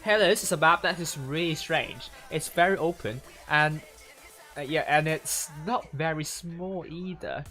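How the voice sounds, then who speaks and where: A man casting a live esports stream, talking in a rambling, halting way with frequent fillers and restarts. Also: a little high, sharp tone, faint music behind. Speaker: stream caster.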